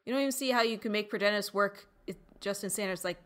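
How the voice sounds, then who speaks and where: A woman streamer with a bright, lifted tone talks easily with her viewers. She thinks aloud as she goes, trailing off with fillers and reading out chat messages. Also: medium pitch, fast talker. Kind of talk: casual live-stream chat while deckbuilding.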